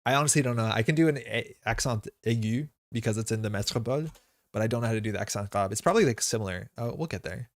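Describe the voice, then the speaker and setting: A man's voice: fairly low pitch, quick pace, no room sound. A man streaming a card game live, thinking his moves through aloud in a casual way with plenty of fillers. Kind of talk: live gameplay commentary.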